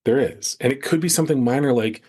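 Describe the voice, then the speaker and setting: A man's voice: medium pitch, fast, a little mellow. A middle-aged man co-hosting a parenting podcast, chatting casually and telling stories with a self-deprecating streak. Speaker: podcast co-host. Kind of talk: casual chat.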